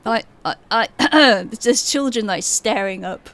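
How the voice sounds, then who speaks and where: A woman's voice: fairly high pitch, takes it slowly, a bit bright. A woman voicing a flustered older British mall Santa who stammers and sounds prim.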